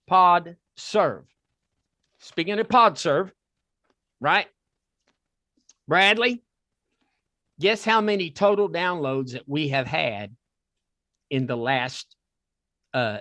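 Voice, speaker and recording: A man with a Southern accent hosting a talk podcast, excitable and repeating himself as he pitches a sponsor. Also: dry recording. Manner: excitable, repeats words and restarts. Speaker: podcast host. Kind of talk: casual chat with a sponsor plug.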